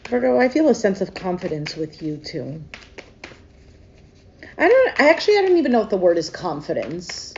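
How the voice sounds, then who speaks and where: A woman doing a casual tarot reading to camera. She is emotional and thinks out loud, with frequent hesitations. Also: lowish voice, sing-song, a little fast, creaky, few pauses, highs cut off, slight background noise. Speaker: tarot reader.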